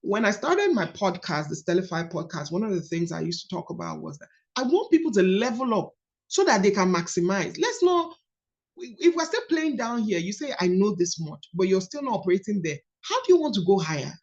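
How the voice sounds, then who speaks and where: A Nigerian woman in her thirties coaches a group, her mid-pitched voice swinging up and down with emphasis as she teaches and tells stories. The sound is a little dull and lo-fi, like a call recording. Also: a little fast. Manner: animated, storytelling, emphatic. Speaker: coach leading a book study call. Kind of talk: casual teaching talk.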